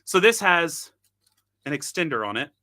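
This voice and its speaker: Host, male, tinkering on camera, bright tense voice; loose, self-mocking chatter. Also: fairly high pitch, huge pitch swings, slow, vocal fry. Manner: chatty, self-deprecating, thinks aloud while tinkering. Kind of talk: casual live product demo.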